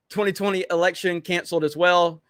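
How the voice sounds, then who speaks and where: A man's voice: high-pitched, fairly bright tone, no room sound, clean studio sound. A man hosting a live stream, chatting casually and bantering with viewers in a brash, profane way.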